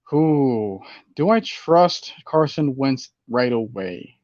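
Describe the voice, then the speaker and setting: A man hosting a casual fantasy football show, rambling and animated, with many fillers. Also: mid-range voice, takes it slowly, no room sound, lo-fi sound. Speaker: fantasy football podcast host. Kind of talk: casual sports talk.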